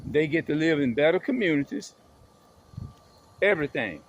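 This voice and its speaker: A man's voice: fairly high pitch, lively intonation, normal speed, muffled recording, a little hiss or hum. A man ranting in an emphatic, repetitive monologue to his viewers, swearing as he drives his points home. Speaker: vlogger.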